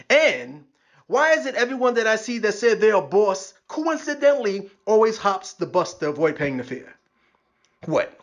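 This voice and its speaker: A man delivers a stand-up style rant in a high-set voice. He stays wry and sarcastic throughout, breaking into quick impressions of the people he mocks. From New York. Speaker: podcast host.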